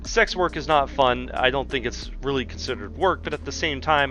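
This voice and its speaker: A man's voice: mid-range voice, lively intonation, normal speed, few pauses, sharp tone, soft background music. A man in his thirties ranting bluntly and sarcastically in a profane commentary video. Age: 30s. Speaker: commentary channel host.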